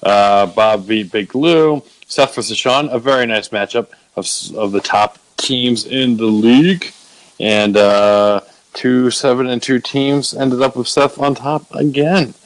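A male podcast host rambling through a casual recap with plenty of swearing and self-mockery. His voice is fairly low. The sound is close and dry. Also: no echo, poor audio. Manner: profane, self-mocking, rambling with restarts.

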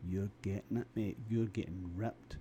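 A man with a Scottish accent voicing a menacing male horse that speaks low, quiet and drawn out. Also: steady tone, normal speed, slight background noise, natural voice. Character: menacing talking male horse, big and threatening.

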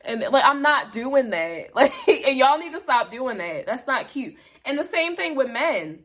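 A woman's voice: high-pitched, sing-song, unhurried, fairly bright tone. A young woman hosting her own show, talking straight to the camera in a loose, unscripted way. She is blunt and chatty, and she fills her speech with asides. She calls her audience "y'all.". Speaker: podcast host. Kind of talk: casual monologue to viewers.

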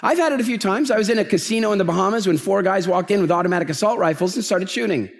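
Middle-aged male motivational speaker, live on stage, lively storyteller with a bright, swooping voice that leans a touch high. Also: rapid-fire, vocal fry. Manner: animated storytelling, asks the audience questions. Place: large event stage with an audience.

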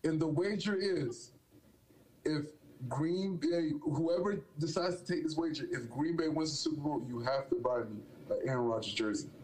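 A man co-hosting a casual football podcast, speaking deliberately as he lays out a bold prediction and a wager. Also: a little high, darkish tone, low-quality recording. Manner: deliberate, making bold claims. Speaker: podcast co-host, Vikings fan. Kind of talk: casual sports banter.

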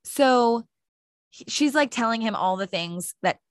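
A podcast co-host recaps a TV episode in casual chat, acting out the characters' lines and saying "like" a lot. Her voice is on the high side, animated, and unhurried, on a dry, clean studio recording.

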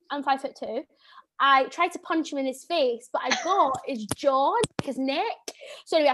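A Scottish woman in her twenties, co-hosting and telling a story in a loud, animated way. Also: high voice. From Scotland. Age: 20s. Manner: animated, loud bursts when acting out moments. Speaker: podcast co-host. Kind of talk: casual storytelling chat.

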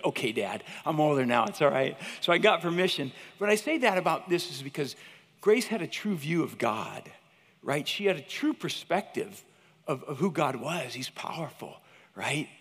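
A man in his fifties with a fairly high voice gives an animated chapel talk, telling stories and calling out "you guys" to the room. His voice carries a long reverb tail from the large hall. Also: vocal fry, slightly rough. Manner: animated, chatty, addresses listeners as "you guys". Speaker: teacher giving a chapel talk. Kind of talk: storytelling sermon.

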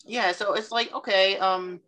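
A man co-hosting a casual podcast, rambling excitedly and acting out quotes. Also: high-pitched, unhurried, a loud crowd. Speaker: podcast co-host. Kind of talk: casual chat.

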